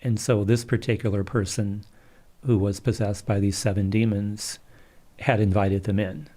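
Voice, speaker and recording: A middle-aged man, a Catholic priest, calmly telling stories in an interview. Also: lowish voice, moderate pace. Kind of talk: storytelling in a livestream interview.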